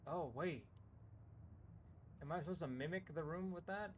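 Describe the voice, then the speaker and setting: Relaxed man streaming a game. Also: a little high, normal speed, pauses often, slight background noise. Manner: relaxed, musing aloud. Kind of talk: casual gameplay commentary.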